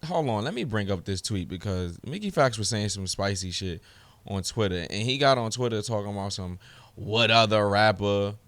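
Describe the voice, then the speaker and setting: A man's voice: on the low side, moderate pace, dry recording. A man hosting his own podcast alone, ranting heatedly with lots of profanity. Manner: heated, profane, rising to shouts when ranting. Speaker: podcast host. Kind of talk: solo podcast rant.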